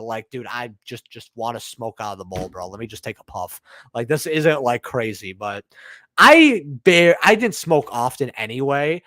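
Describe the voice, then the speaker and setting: A man's voice: mid-range voice, sing-song, unhurried, fairly bright tone, dry recording, clean studio sound. A young man hosting a live stream, chatting casually in a rambling way, with slang and swearing. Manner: slangy, swearing, rambling storyteller who says "bro". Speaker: livestream host.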